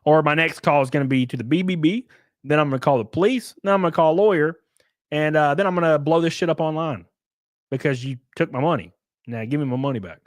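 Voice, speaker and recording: A man's voice: fairly high pitch, fast talker, dry recording. Fired-up man telling a story. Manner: animated, profane, acts out his own phone calls. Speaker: streamer and podcast host. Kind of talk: casual storytelling rant.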